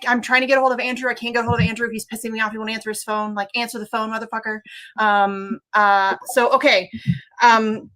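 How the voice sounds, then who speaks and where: A woman hosts a casual livestream while sick and on the edge of tears. Her voice is bright and sits fairly high. She swears freely and talks in halting bursts full of fillers. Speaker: livestream host.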